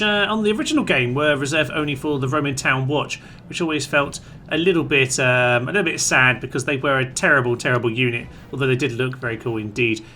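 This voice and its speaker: A man's voice: medium pitch, sharp tone, a little hiss or hum. A man giving chatty let's-play commentary on a strategy game, playfully addressing his troops aloud. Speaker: gaming commentator.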